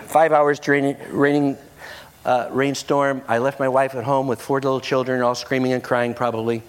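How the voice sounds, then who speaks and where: A man's voice: mid-range voice, a little fast. A middle-aged man preaching a sermon, telling a story and acting out the people in it. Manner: animated, acts out the people in his story.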